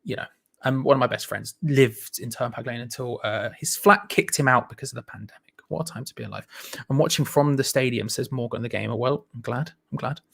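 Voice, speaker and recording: A man's voice: medium pitch, gravelly, fairly bright tone, husky. A young man, hosting a casual live stream from his living room and reading out viewer comments with jokey asides. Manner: chatty, jokey, quick asides.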